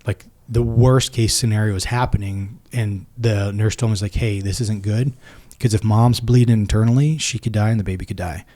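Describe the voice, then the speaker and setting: Mellow low-voiced man telling a story. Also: steady tone, moderate pace. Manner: retells events by acting out both sides of conversations. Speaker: podcast guest, military veteran. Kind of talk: personal storytelling in a podcast interview.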